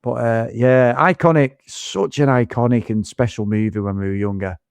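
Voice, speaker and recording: A man's voice: mid-range voice, steady tone, normal speed, darkish tone, clear, resonant tone, dry recording. A man co-hosting a film podcast in casual chat, swearing now and then. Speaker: podcast co-host.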